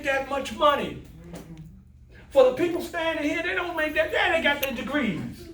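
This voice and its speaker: His voice very high and fairly bright, the older man keeps a moderate pace and lively intonation as he entertains a class of adult learners with motivational stories and jokes. He acts out quoted voices and banters with the room, and the roomy sound suggests a distant mic.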